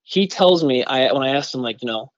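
This Michigan man speaks briskly at a normal pitch, excitedly rambling through a long story as an interview guest on a podcast and filling it with "like" and "you know." The lo-fi sound is dull and very dry, with no room sound at all.

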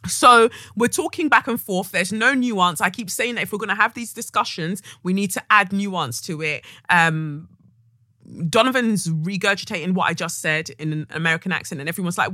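A woman's voice: mid-range voice, expressive, moderate pace, bright, forceful tone, no echo, studio quality. A woman, talking as a podcast host in a heated, ranting monologue full of swearing. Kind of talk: casual monologue.

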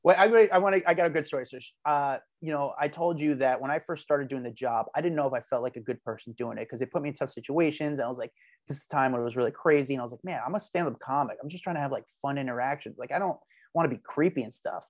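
A man's voice: medium pitch, fast. A man, a podcast guest, telling a long story with energy and acting out the quotes. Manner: animated storyteller, acts out quoted lines. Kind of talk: casual podcast chat.

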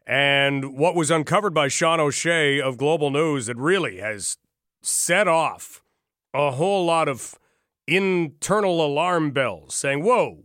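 A man hosts a talk radio show in a brisk, conversational manner, speaking straight to his listeners. His voice sits a little high for a man. The studio recording is dry and close, with no room echo. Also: a bit bright, clear, resonant tone. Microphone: studio microphone.

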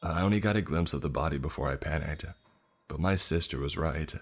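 A man reading a scripted horror story in a tense, measured way. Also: a bass voice. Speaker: narrator. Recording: faint music underneath.

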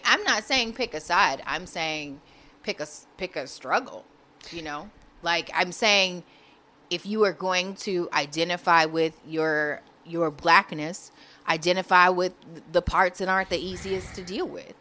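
A woman's voice: fairly low pitch, measured pace, sharp tone, a little hiss or hum. A woman guest on a podcast, making her point in an emphatic way and searching for words as she goes. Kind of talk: casual discussion.

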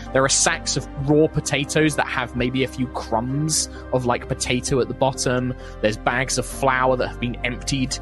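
A man narrating as game master, rambling with many ums and restarts as he describes the scene. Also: mid-range voice. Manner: rambling, lots of ums and self-corrections.

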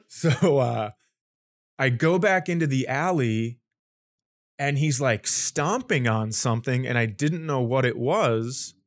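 A man in casual podcast conversation, telling a long comic anecdote at a middle pitch. He acts out the people he quotes and laughs along the way. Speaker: comedian guest.

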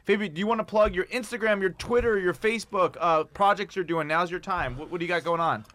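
A man's voice: high-pitched, quick pace, a bit bright. A man hosting a casual podcast, upbeat and prompting his guest as he wraps up. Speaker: podcast host. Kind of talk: casual chat.

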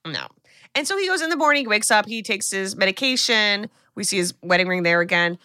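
A woman co-hosting a podcast, recapping a film in casual chat, animated and full of fillers and asides. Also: medium pitch, brisk, no echo, studio quality. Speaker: podcast co-host.

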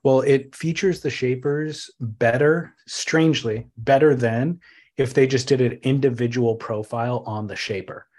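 Animated man co-hosting a chat podcast. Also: mid-range voice, a little slow. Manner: animated, thoughtful storytelling with sudden bursts of laughter-tinged emphasis. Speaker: podcast co-host.

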